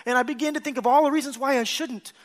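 Male pastor, very high-pitched, earnest sermon delivery, emphatic swells and quiet asides, calls out to the congregation. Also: steady tone, quick pace.

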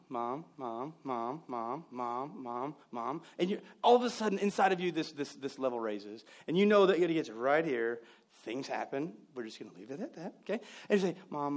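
Animated high-voiced male preacher. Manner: animated storytelling with mimicked voices and asides; jokey, sarcastic humor. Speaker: pastor. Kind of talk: sermon.

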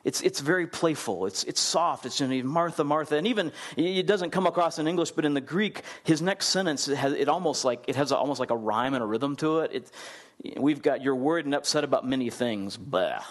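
A man preaching a sermon in a conversational, animated way, acting out the people in the story and putting questions to his listeners. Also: a little fast, few pauses. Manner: animated storyteller, acts out quotes with big swings in pitch; conversational, asks the congregation questions. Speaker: pastor.

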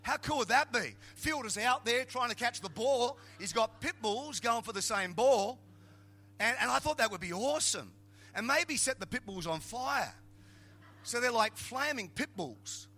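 Middle-aged Australian man, pastor, comic sermon, lively storytelling, fairly high voice, faint music underneath. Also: normal speed. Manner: animated, joking, building to emphatic shouts.

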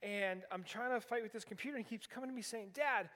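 A man's voice: high voice, fast talker, fairly bright tone. A man of about forty preaching a sermon in a church, telling a candid personal story with self-deprecating humor. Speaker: pastor. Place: church sanctuary. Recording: long hall reverb in a church.

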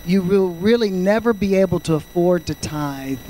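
High-voiced fervent preacher man in his fifties. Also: normal speed, a little hiss or hum, poor audio. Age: 50s. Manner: fervent preaching, swings from loud shouts to quiet storytelling. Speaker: pastor. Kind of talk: sermon.

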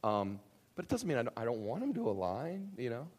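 A man's voice: medium pitch, very animated, a little fast, a little mellow. A pastor speaking casually to his church during a Q and A, joking and throwing in sarcastic asides. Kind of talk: live church Q and A and sermon. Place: church sanctuary.

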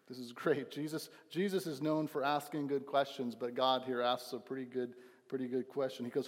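A man's voice: mid-range voice, steady tone, brisk, in a large hall. A young man preaching a sermon at his church, earnest and emphatic, often restarting his phrases. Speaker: pastor.

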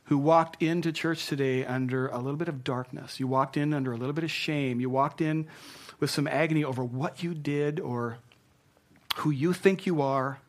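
A man's voice: fairly high pitch, steady tone, moderate pace. Earnest male pastor preaching. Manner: earnest and emphatic, dropping soft for tender points. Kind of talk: sermon.

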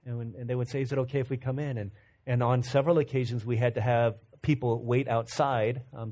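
A man's voice: medium pitch, warm tone. A male pastor preaching a sermon in a conversational storytelling way, often repeating and restarting words as he builds to fervent points.

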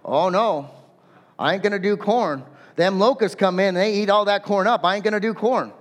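A man's voice: high-pitched, moderate pace, close to an everyday voice. A man voicing a stubborn, fearful male farmer in a put-on rural farmer accent. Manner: refuses everything flatly. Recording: echoey hall.

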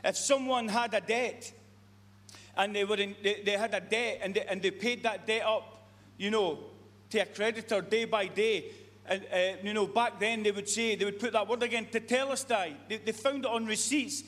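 A man's voice: high-pitched, steady tone, normal speed, a bit bright. A man preaching a sermon, earnest and repetitive, often restarting his sentences. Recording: long reverb of a hall.

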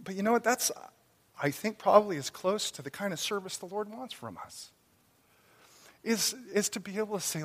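A man in his thirties or forties preaching a sermon as a pastor, conversational and animated. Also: sits high, normal speed. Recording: long reverb of a hall.

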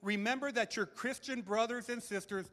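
A male pastor preaching a sermon to a live congregation, emphatic and animated, often repeating words as he builds a point. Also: very high-pitched, normal speed. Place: church hall with audience. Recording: long reverb of a large hall.

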